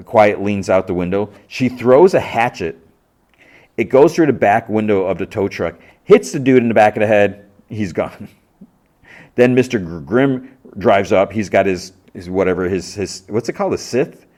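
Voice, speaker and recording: A man with a somewhat low voice talks through a TV episode in casual podcast style. He trips over his words, restarts, and questions his own memory as he goes. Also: lively intonation, moderate pace, darkish tone. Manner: rambling, stumbling restarts and self-questioning. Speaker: podcast host.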